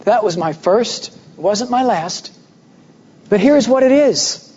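A man preaching a sermon, telling a personal story with animated voices for the people in it. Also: high voice, slow pace, slightly rough. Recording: muffled recording with long hall reverb.

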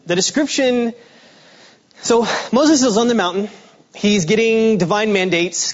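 A man giving a guest sermon in a relaxed, conversational way, with fillers and restarts. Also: sits high, muffled recording. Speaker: guest preacher. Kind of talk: sermon with a joke opener.

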